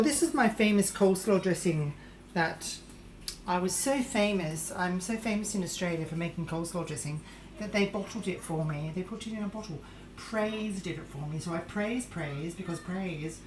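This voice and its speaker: A grand, vain English lady, played by a woman cooks for a live comedy show and calls everyone darling in a plummy put-on accent. Her voice sits at a middling pitch. It rings through an echoey kitchen with a faint hum behind it. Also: a little mellow, natural voice. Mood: flustered. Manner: theatrical, calls people darling. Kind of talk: live-streamed comedy cooking show in character. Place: home kitchen.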